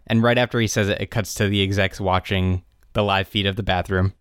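Young male podcast co-host, animated recap, smooth clear tone, dry close sound. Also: fairly low pitch, fairly quick, hardly any pauses, no echo. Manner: animated retelling, quotes characters in raised voices. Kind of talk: casual chat.

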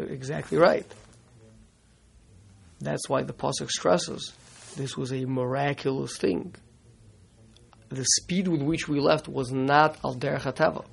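Gravelly man teaching Torah. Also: a little high, darkish tone. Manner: halting, repeats words, mixes in Hebrew terms. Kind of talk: classroom Torah lesson.

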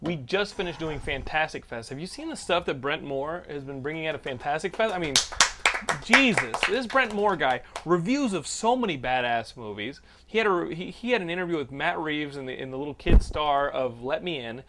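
A man hosting a podcast, talking in a loose, excitable way and swearing freely. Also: fairly high pitch, fairly quick, slight background noise. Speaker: podcast host. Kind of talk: casual chat. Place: Los Angeles.

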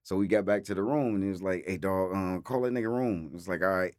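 A guest storyteller shares road stories in a casual chat, acting out voices in his anecdotes and laughing often with animated energy. His voice is low-pitched and fast, recorded at studio quality with no echo.

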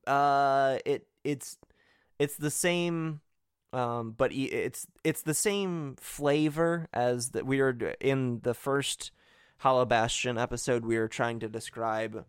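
Smooth-voiced man chatting casually. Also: medium pitch, slow pace, no room sound, studio quality. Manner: hesitant, restarts often, laughs easily. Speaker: podcast co-host. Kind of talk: casual game-recap chat.

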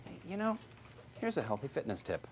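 A man's voice: mid-range voice, wildly swooping pitch, a little fast, slight background noise. A man acting an over-eager, courteous husband in a comedy sketch, speaking in a chipper, eager way.

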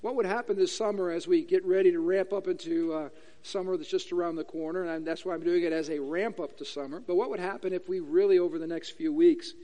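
Guy preaching in church, high voice, plays out little dialogues, big echoey hall. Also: fast. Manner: animated, acts out questions in voices. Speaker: pastor. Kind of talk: sermon. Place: church sanctuary.

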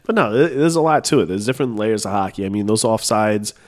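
A man's voice: fairly low pitch, lively intonation, fast, darkish tone. A man co-hosting a sports podcast, explaining hockey rules and tactics in casual chat. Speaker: podcast co-host.

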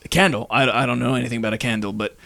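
A man's voice: mid-range voice, steady tone, very fast, gravelly, pushed and bright. A man voicing a grateful, brave male shepherd with a hearty, exclaiming manner.

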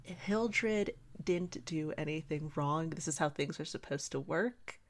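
A woman with a deep, low voice, chatting casually as co-host of a book review show. She laughs a lot and breaks into mocking impressions of the characters as she talks. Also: a little slow. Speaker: podcast co-host.

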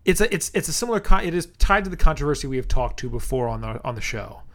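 A man's voice: on the high side, very animated, quick pace, fairly bright tone. A man co-hosting a podcast, explaining at length with hesitant restarts and some teasing. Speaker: podcast co-host. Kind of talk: casual chat, explaining.

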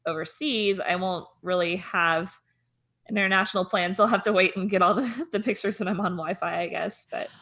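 Bright giggly woman podcast co-host. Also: mid-range voice, moderate pace. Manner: rambling, laughs often, lots of "like". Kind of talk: casual chat.

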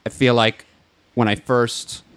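A man's voice: medium pitch, level tone, slow pace, clean tone, no echo. A man born in New York City co-hosting a casual podcast, rambling and joking, often cutting himself off. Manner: rambling, self-interrupting, joking.

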